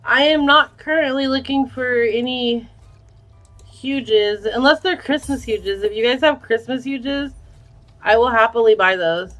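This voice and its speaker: A woman's voice: fairly high pitch, unhurried, fairly bright tone, soft background music. A woman live-streaming a giveaway, chatting casually with viewers and reading out their names. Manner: chatty, reads viewer names and answers chat.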